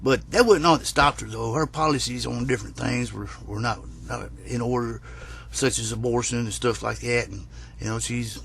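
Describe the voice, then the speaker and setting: A man's voice: mid-range voice, moderate pace, creaky, fairly bright tone, slight background noise. A man delivers a rambling, profane, folksy rant as a comic vlogger. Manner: rambling, profane, drawling storyteller.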